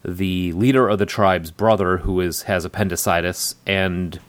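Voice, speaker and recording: A man with a slightly low voice retells a film plot in loose, rambling chat. He drifts between ums and small laughs while keeping the story moving. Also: fairly even intonation, normal speed. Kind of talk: casual movie recap chat.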